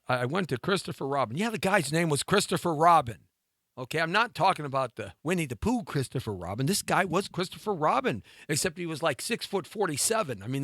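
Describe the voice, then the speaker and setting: A man's voice: on the high side, gravelly, a bit bright, dry recording, studio quality. A middle-aged man hosting a live talk show, joking and teasing himself and his cohost in a playful way. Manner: playful, self-mocking, banters with cohost. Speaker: radio show host.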